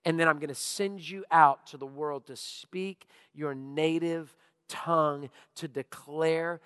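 A male pastor preaching a sermon, telling stories with animated, drawn-out emphasis. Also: on the high side, smooth. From Louisiana. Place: church auditorium. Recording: long reverb of a church hall.

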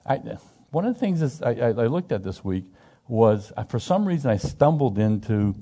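A middle-aged man leads a Bible study in a mid-range, mellow, sing-song voice at a moderate pace. He teaches scripture loosely and conversationally, speaking emphatically and putting questions to his group. He often restarts and repeats his sentences.

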